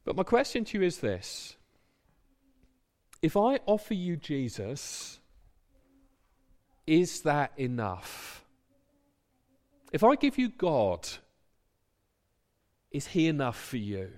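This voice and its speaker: Guy in his 30s preaching, kinda high voice, really lively up and down. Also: takes it slowly, pauses often. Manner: animated, acts out imagined voices. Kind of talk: sermon.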